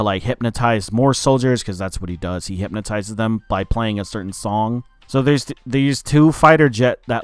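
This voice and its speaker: Smooth-voiced man, loose profane film recap. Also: medium pitch, no room sound. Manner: loose and profane, lots of "like" and "uh" fillers. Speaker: movie reviewer. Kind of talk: casual spoken film review.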